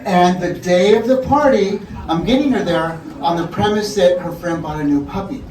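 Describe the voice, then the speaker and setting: A man's voice: high-pitched, normal speed. A man giving a roast speech at a party, telling a long comic story and often laughing as he acts out the people in it. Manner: laughing often while telling a long anecdote, acting out voices. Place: party room with a crowd. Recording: echoey party room, far from mic, loud noise.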